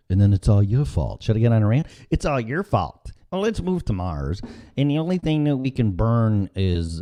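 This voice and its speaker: Deep-voiced, rambling sarcastic male host. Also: dark tone. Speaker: podcast host. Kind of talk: casual live-stream chat.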